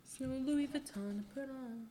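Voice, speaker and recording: A woman's voice: high voice, moderate pace, mellow. A woman from California with a Californian accent, chatting casually at home, teasing and laughing easily. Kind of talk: casual chat. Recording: noisy home recording.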